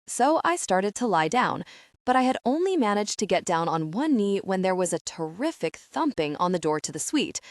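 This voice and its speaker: Woman audiobook narrator, first-person, wry and sardonic, very lively pitch, dry close sound. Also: normal speed, dry recording. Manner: wry, sardonic teen-voiced storytelling.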